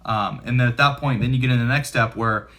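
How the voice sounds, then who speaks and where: A man's voice: medium pitch, steady tone, brisk, sharp tone. A man and real estate investor coaching viewers in a casual, chatty way, with lots of fillers. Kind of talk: casual instructional talk to camera.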